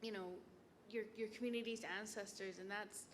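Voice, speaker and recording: A woman offers quiet, emotional thanks on behalf of a center, repeating words as she searches for them. Her voice stays flat in pitch. It rings through a large hall over faint room noise. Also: normal speed, few pauses. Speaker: representative presenting gifts. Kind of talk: heartfelt public remarks. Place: lecture hall.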